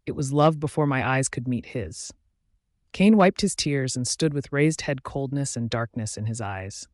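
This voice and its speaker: A man reading a first-person fantasy romance as an audiobook, in a steady, expressive voice. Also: mid-range voice, normal speed, dry recording, studio quality. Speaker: audiobook narrator.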